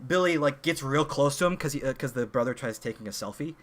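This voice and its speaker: A young man on a podcast, excitedly retelling a movie plot in casual chat, full of fillers and restarts. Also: medium pitch, fast. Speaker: podcast co-host.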